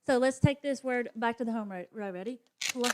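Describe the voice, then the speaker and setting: A woman's voice: a little high, a little fast, a little mellow, clean tone. Woman teacher demonstrating a phonics lesson. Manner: models classroom chants and sounds out letters. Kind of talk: professional development demonstration for teachers.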